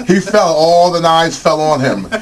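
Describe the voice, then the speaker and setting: A man's voice: on the high side, unhurried, slight background noise. A man hosting a morning radio show in the studio, joking around with playful, slangy banter.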